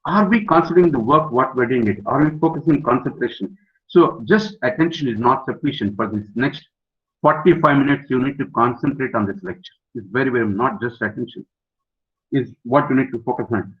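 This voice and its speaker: A man's voice: medium pitch, a little fast. Older man lecturing emphatically. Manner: emphatic, repeats key words, asks the audience questions. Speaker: professor giving a webinar lecture. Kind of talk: lecture to students. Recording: dull lo-fi webinar audio.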